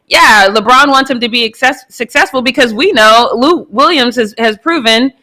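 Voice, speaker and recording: Woman, sports co-host, candid and conversational, bright forceful voice. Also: on the high side, normal speed. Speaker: live show co-host. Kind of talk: casual sports opinion chat.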